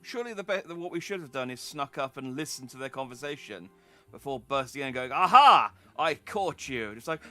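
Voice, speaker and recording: A playful man streaming a game, joking and laughing as he chats. His voice is bright and forward, and quiet music sits underneath. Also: medium pitch, quick pace. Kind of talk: let's play commentary.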